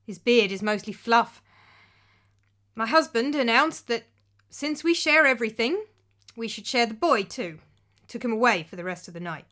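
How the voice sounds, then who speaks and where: A woman's voice: fairly high pitch, lively intonation, normal speed, long pauses, pushed and bright. A woman voicing a nervous, awkward young miller's wife who pleads for help. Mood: pleading.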